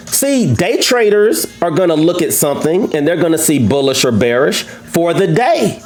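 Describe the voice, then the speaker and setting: Brash, animated man teaching trading. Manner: brash, challenging, boastful; animated, swoops up into high pitch for emphasis. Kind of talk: live trading lesson to viewers.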